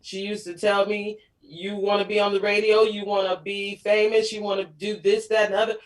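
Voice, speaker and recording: A woman's voice: mid-range voice, a little fast. Laughing, storytelling woman in her forties. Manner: storytelling, laughs often, animated quotes. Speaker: guest. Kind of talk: casual chat.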